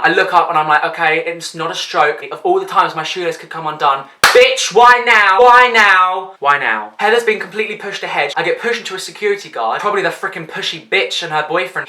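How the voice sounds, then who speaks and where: A British vlogger telling a story in an animated, indignant way and swearing freely. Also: medium pitch. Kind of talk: storytime vlog. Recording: echoey room.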